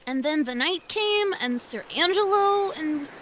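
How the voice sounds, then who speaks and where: A woman's voice: high-pitched, lively intonation, a little slow, background noise. An actress playing a polite, formal young nun speaking to her abbess. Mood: dazed.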